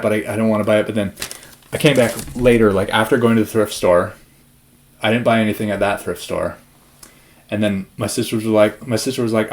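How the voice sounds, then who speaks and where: Speaking in a fairly low, darkish voice, this young man from around Spokane in the Pacific Northwest records a chatty vlog. He's a little breathless, cuts himself off, and keeps wandering onto tangents.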